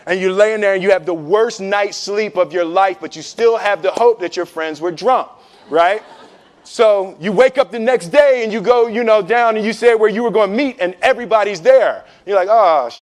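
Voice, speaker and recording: A man with a high voice tells a story in a chatty way. He acts out what people say, laughs often and repeats himself as he goes. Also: moderate pace. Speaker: speaker giving life advice. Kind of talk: animated storytelling with acted-out quotes.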